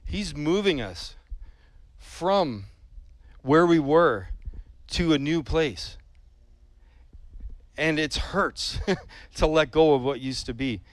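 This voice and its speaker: A man's voice: on the high side, expressive, slow, pauses often, no echo. A man preaching a sermon in an earnest, emphatic way, repeating his points and asking rhetorical questions of the congregation.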